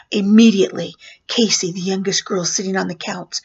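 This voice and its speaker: A woman's voice: medium pitch, a little fast, few pauses, slightly rough, highs cut off. A woman who works as a professional clown tells a personal story, acting out the voices and dropping to whispers. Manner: animated, acts out voices and drops to whispers.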